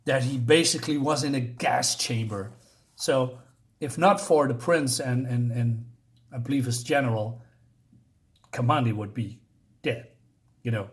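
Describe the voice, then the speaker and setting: A man casually reviewing a comic book, paging through it while pausing often to search for words. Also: medium pitch. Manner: halting, searches for words, many fillers.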